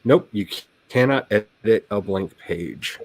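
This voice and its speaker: A man's voice: on the low side, animated, measured pace, darkish tone, dry recording. Guy hosting a writing stream, rambly and jokey, dry close sound. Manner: rambling, joking and self-deprecating. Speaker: author hosting a writing livestream. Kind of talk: casual chat.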